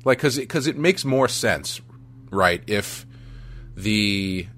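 A man in a casual podcast chat about a film, joking and hesitating as he works out his point. His voice sits fairly low, and his talk is relaxed and offhand, full of restarts. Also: takes it slowly. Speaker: podcast co-host.

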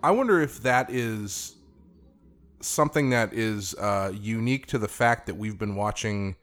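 A man's voice: lowish voice, a little slow, fairly bright tone. A man co-hosting a podcast, talking through a TV show in a thoughtful, rambling way. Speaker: podcast co-host. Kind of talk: casual TV discussion.

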